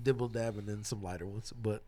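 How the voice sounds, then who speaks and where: A man's voice: on the low side, steady tone, brisk, warm tone, slight background noise. A man co-hosting a podcast, bantering casually and laughing often. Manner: playful, laughs often, joking. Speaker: podcast co-host.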